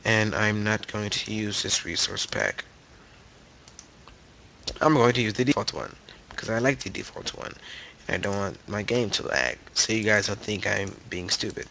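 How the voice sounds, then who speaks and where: A man's voice: lowish voice, moderate pace, gravelly, bright, forceful tone, a little hiss or hum. A man hosting a let's play, rambling through gaming commentary with frequent stammers and self-corrections.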